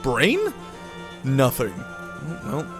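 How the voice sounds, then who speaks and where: A man live-streaming a game playthrough, reading out its text and reacting loudly with swearing. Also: medium pitch, very slow. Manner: excitable, swears at surprises. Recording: music playing under the voice.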